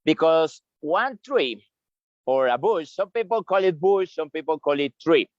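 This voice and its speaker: A man giving a tour guide's outdoor talk on a farm, halting and repeating words as he explains. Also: fairly high pitch, animated, dry recording. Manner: halting, repeats words, chuckles while eating. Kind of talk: live virtual tour explanation. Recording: dry, slightly dull lo-fi sound.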